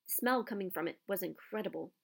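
A woman reading a children's novel aloud with expressive storytelling. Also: medium pitch, quick pace, gravelly. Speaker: narrator. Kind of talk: audiobook narration.

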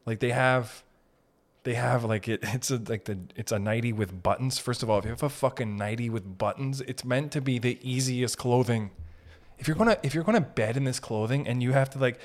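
A man's voice: medium pitch, fairly quick. A man hosting a comedy podcast, rambling through jokes in a giggly, profane way as he jumps from one bit to the next. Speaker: podcast host.

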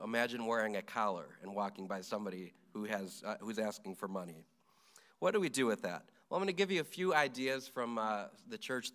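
A man's voice: medium pitch, fairly bright tone. A middle-aged man, a Catholic priest, giving a conversational homily with stories, fillers and restarts.

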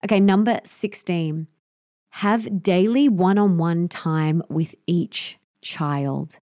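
A woman's voice: on the low side, slow pace, mellow, no room sound, clean studio sound. A young woman hosting a solo podcast, giving parenting tips in an earnest, emphatic way that repeats key points. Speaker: podcast host.

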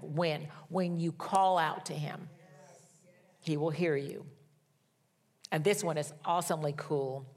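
A middle-aged woman preaching a sermon, reading scripture slowly with emphasis and telling personal stories in a conversational way. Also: on the low side.

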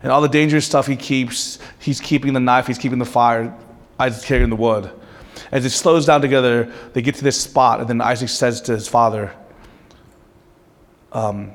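A man preaching a sermon with impassioned rhetorical questions, at times dropping to a hushed, intense delivery. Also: mid-range voice, brisk. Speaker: pastor. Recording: long hall reverb.

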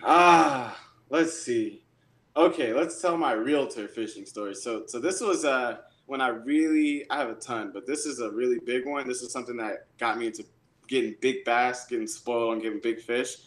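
A man telling fishing stories in a casual, excitable way, with lots of "like" and laughs. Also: medium pitch, moderate pace. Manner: excitable, animated storyteller. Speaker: guest angler and realtor. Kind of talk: casual storytelling. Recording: roomy echo.

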